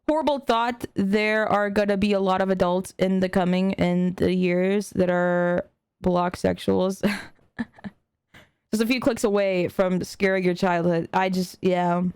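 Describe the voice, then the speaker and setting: A woman's voice: medium pitch, a little mellow, smooth, no room sound. A young adult woman streaming a reaction video, talking casually and earnestly to her chat with lots of slang, fillers and swearing. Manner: earnest, talks directly to chat.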